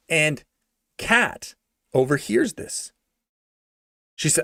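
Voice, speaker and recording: A man's voice: on the high side, sing-song, measured pace, fairly bright tone, no echo, studio quality. A young man giving a sarcastic, slangy rant of a movie review, repeating himself for emphasis. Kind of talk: ranting casual movie review.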